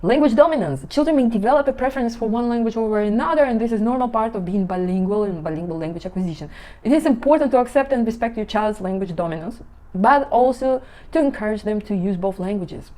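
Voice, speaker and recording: Mellow-voiced woman explaining language stages. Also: fairly high pitch, animated, fast. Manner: explains with examples, non-native English phrasing. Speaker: parenting language educator. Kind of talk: casual informational talk.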